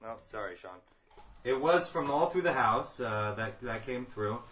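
Rambling host, distant and roomy. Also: male voice, medium pitch, lively intonation, measured pace. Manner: rambling, many fillers and restarts. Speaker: paranormal radio show host. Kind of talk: casual radio show hosting. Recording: roomy, distant lo-fi recording with faint background noise.

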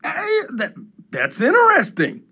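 A man's voice: very high-pitched, huge pitch swings, measured pace, vocal fry, bright, forceful tone. A man hosting a casual radio talk show, hyping guests in announcer style and joking with his co-host. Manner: hyped, announcer-style introductions with playful joking.

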